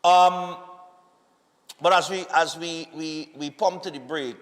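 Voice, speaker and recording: A Trinidadian man hosting a morning call-in show, fighting a cold and sore throat, relaxed and repeating words as he thinks. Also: on the high side, takes it slowly, in a large hall. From Trinidad and Tobago. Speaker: host.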